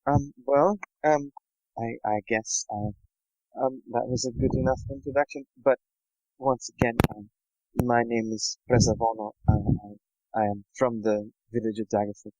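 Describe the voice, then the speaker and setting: Brief: a man as a hesitant young female paladin in a tabletop game, halting delivery. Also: medium pitch, fairly even intonation, darkish tone, no echo, dull audio, faint music behind, lightly acted. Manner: hesitant, stammering, full of ums.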